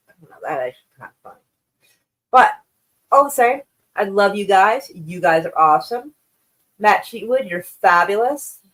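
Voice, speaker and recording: A woman's voice: fairly low pitch, fairly bright tone. A woman hosting a live stream and chatting casually with her viewers. She rambles, gushes over the chat and swears freely. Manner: effusive, profane, rambling.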